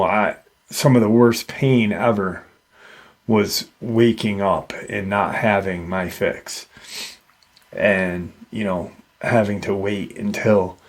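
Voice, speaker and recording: A man narrates a strange encounter for his paranormal channel, pausing often and restarting his sentences. He speaks slowly, and his voice sits fairly low. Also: steady tone. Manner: halting, with many fillers and restarts. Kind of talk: retelling a witness encounter.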